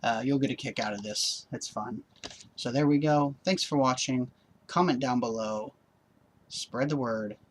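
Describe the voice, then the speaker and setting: A man's voice: mid-range voice, a little slow, slight background noise. A man casually reviewing a movie on home video, upbeat and rambling, with lots of ums and uhs. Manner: relaxed, upbeat.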